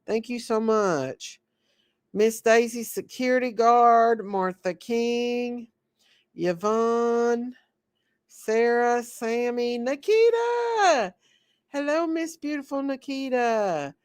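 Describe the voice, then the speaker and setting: A woman hosts a livestream while sick, hoarse and short of breath, talking slowly and stretching her greetings into a sing-song. Her voice sits a little high for a woman. The sound is dry and close, with no room around it. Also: no room sound. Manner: slow, drawn-out greetings with sing-song repeats. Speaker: livestream host. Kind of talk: casual livestream chat greeting viewers.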